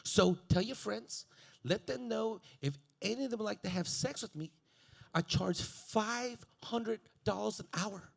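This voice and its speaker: A man's voice: sits high, a little slow, vocal fry, heavily acted. A man voicing a blunt female friend talking plainly about money. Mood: businesslike.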